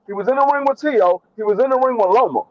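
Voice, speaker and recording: A male co-host on a casual boxing podcast presses his point, repeating it again and again in a relaxed debate. His voice is extremely high and fast, and the recording's high frequencies are cut off.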